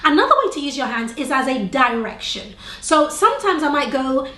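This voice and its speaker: A woman's voice: high voice, sing-song, a little fast, pushed and bright, roomy sound. A young adult woman teaching on-camera tips to the viewer, shifting her tone and pace on purpose and checking in with questions. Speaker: video presentation coach. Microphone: camera facing speaker.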